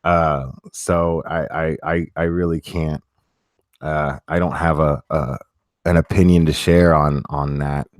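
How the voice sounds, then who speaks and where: A man with a very deep voice chats casually with his audience, stumbling through restarts and fillers. He talks bluntly and swears freely. The sound is dry and close, with no room echo. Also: steady tone. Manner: halting, many restarts and fillers. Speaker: streamer reading chat. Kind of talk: casual chat.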